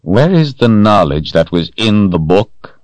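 A man voicing a cold, commanding male sorcerer lord who speaks in a calm, measured, menacing way. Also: fairly low pitch, dry recording, lo-fi sound, voice pushed up.

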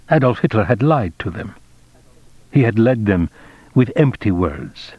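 A man's voice: lowish voice, animated, unhurried, no room sound. Male audiobook narrator, dry dull sound. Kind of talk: scripted narration.

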